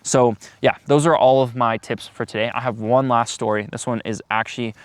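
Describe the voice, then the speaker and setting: An eighteen-year-old man chats through advice in a loose, casual vlog, filling gaps with plenty of ums and uhs. His voice sits at an ordinary middle pitch and sounds dry and close, with no room echo. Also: fairly even intonation, brisk. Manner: loose, filler-heavy talk with many ums. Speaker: vlogger giving business tips.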